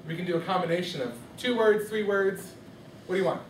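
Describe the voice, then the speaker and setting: A man's voice: high voice, brisk, a little hiss or hum. A man teaching a music lesson to a classroom, asking students questions and coaxing answers. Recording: echoey classroom from far off.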